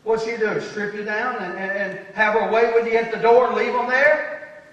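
A man preaching a folksy, emphatic sermon as pastor, slowing down to stress key phrases. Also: high-pitched, fairly even intonation, fairly bright tone, highs cut off. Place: church sanctuary. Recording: echoey hall from far off.

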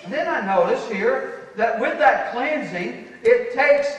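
A man preaches a folksy, emphatic sermon, his voice pitched very high. He slows right down to lean on key phrases. The sound rings through a long echoey church hall, picked up from far away. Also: expressive, fairly bright tone. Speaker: pastor. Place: church sanctuary.

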